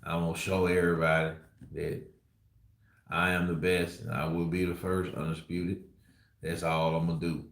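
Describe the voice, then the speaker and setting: A man doing an impression of a boxer who talks in a slow, lazy-tongued drawl. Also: deep voice, level tone, voice pushed down. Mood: boastful. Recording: roomy echo.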